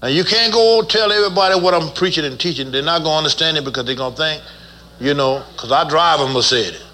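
A man's voice: a little high, quick pace, bright, forceful tone. A man preaching as a pastor, folksy and teasing, leading his congregation in call-and-response. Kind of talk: sermon.

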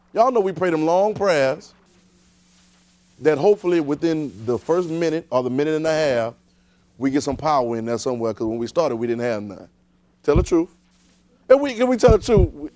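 Man, preacher, conversational sermon, rhetorical questions, somewhat high voice, dry sound. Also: mellow, no room sound. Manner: repetitive, rhetorical questions to the congregation.

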